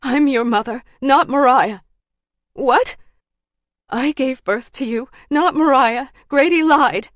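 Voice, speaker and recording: A woman voicing a desperate, defiant mother who shouts high and loud in raw fury. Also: moderate pace, hardly any pauses, no room sound, studio quality, natural voice.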